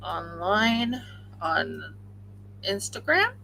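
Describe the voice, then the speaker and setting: A woman's voice: mid-range voice, sing-song, very slow, vocal fry, pushed and bright, a little hiss or hum, low-quality recording. A woman hosting a crafting livestream, chatting casually and rambling with many fillers while she crochets at home.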